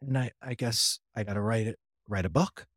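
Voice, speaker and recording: A man's voice: on the low side, a little fast, a bit bright, dry recording, studio quality. A man telling his personal story in a conversational way, retelling what others said with frequent restarts and wry, self-deprecating asides. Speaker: interview guest.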